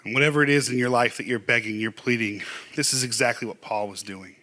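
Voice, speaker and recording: A man's voice: mid-range voice, fast, bright, forceful tone. A middle-aged man preaching a sermon in a church, earnest and conversational, at times pleading. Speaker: pastor. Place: church sanctuary.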